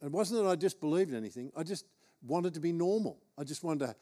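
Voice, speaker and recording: A man's voice: a little high, animated, fairly quick, dark tone. A man with an Australian accent, preaching as he tells a humorous, self-deprecating personal story. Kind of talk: storytelling sermon.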